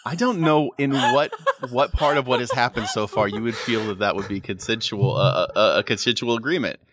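A man running a tabletop role-playing game as game master, playing the characters in an animated way. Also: medium pitch, a little fast, crowd noise. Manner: animated, shifting between characters.

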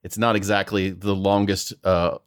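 A woman running a tabletop game, narrating the scene casually with fillers and restarts. Her voice is low and the recording is dry and close. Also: little pitch movement, moderate pace, clear, resonant tone, dry recording. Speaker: game master.

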